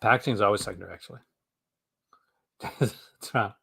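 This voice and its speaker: Canadian guy hosting a casual stream, kinda low voice, stammers and restarts a lot. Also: a little fast, vocal fry, pushed and bright, breathy edge, no echo, clean studio sound. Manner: rambling, stammering, with frequent restarts and laughs. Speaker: host. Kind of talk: casual livestream chat.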